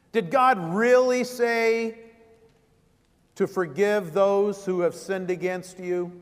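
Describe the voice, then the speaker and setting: A man's voice: sits high, long reverb tail. A man preaching a sermon as vicar, driving points home with repeated rhetorical questions.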